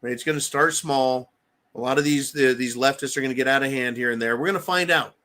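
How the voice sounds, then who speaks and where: A man's voice: medium pitch, fast talker, pushed and bright. A middle-aged man hosting a live stream, reading viewer comments and answering them in a profane, emphatic rant.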